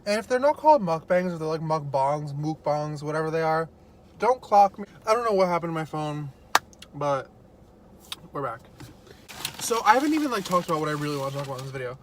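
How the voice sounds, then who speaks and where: A man's voice: a little high, very animated, brisk, noisy background. A young man vlogging casually as he eats, telling stories in a chatty way with lots of fillers. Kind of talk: casual mukbang chat.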